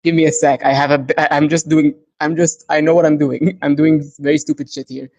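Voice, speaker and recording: A woman's voice: deep voice, fairly quick, no room sound, dull audio. Dry, hesitant woman player. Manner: hesitant, restarting, excitable. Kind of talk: playing a tabletop role-play character.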